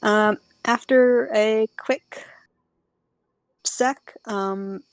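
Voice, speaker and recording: Slow-talking woman game master. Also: a little high, steady tone, no room sound. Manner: hesitant, full of fillers like "kind of". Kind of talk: narrating a tabletop game.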